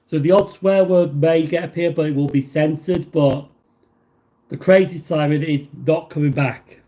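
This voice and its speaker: Mellow-voiced man chatting on a livestream. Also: fairly high pitch, steady tone, normal speed. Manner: reads viewer messages aloud and answers them; rambling, with many fillers and restarts. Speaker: livestream host. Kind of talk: casual livestream chat.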